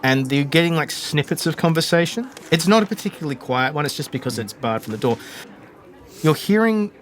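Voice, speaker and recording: A man's voice: on the high side, animated, a little fast, a little hiss or hum. A man narrating a tabletop role-playing game as the game master, describing scenes with many fillers and restarts.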